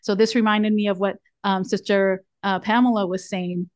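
A woman's voice: mid-range voice, steady tone, moderate pace, dry recording. A woman in a prayer group, earnestly sharing reflections and reading devotional passages aloud over a video call. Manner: earnest, reflective, with frequent restarts.

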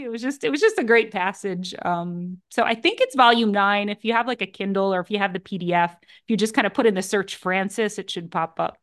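A woman's voice: medium pitch, brisk, hardly any pauses. A woman on a discussion panel, earnest and conversational, giving friendly practical advice. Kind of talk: casual discussion.

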